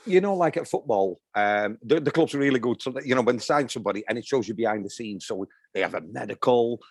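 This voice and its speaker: A man's voice: mid-range voice, lively intonation, fast talker, slightly rough, dry recording, clean studio sound. A male podcast co-host in casual chat, asking a long rambling question full of fillers.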